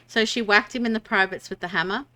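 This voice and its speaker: Bright, crisp-voiced woman streamer. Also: medium pitch. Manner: rambling, halting with many fillers and restarts. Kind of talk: casual gameplay chat.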